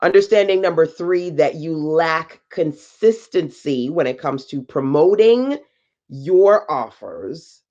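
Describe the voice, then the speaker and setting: Slow, preachy woman coaching on a live stream. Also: sits low, expressive, mellow, highs cut off. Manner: preachy, emphatic, with slang asides; greets viewers by name. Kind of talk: motivational live-stream talk.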